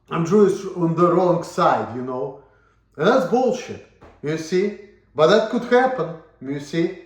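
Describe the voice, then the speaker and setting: A man with a first language of Russian, ranting in a blunt, profane vlog monologue, repeating himself and asking "you see?". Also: high voice. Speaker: vlogger. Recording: roomy echo.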